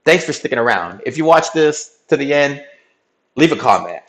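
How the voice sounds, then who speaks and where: A man's voice: medium pitch, expressive, moderate pace, a bit bright. A man streaming, telling a rambling, slang-filled story and asking "right?" again and again. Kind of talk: casual storytelling recap.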